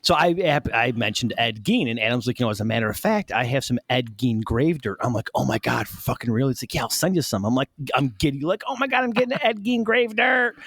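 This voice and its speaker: A man's voice: medium pitch, animated, a little fast, few pauses, fairly bright tone, no echo, clean studio sound. A man co-hosting a podcast, telling a story in casual chat, profane and laughing often. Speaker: podcast co-host.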